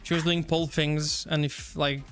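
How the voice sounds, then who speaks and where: A man's voice: on the high side, moderate pace, faint music behind. A man from Portugal streaming, chatting casually and acting out quoted people with lots of swearing. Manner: animated storytelling, swears, acts out quotes. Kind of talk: casual chat while gaming.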